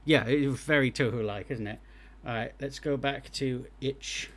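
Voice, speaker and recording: A man giving live gameplay commentary as he streams and reviews game jam entries, excitable and thinking aloud as he plays. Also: mid-range voice, moderate pace. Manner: excitable, talks to himself while playing.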